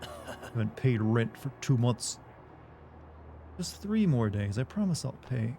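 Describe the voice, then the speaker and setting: A man's voice: medium pitch, very animated, a little slow, dark tone, a little hiss or hum. A man streaming a video game live, joking wryly and reading the game's text aloud.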